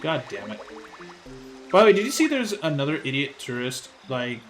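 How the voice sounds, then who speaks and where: A young man streams a game and rants to his chat, cursing freely in a casual, chatty way. His voice sits at a middle pitch. Game music plays clearly under his voice. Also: very animated, moderate pace. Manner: profane, ranting, talks to chat.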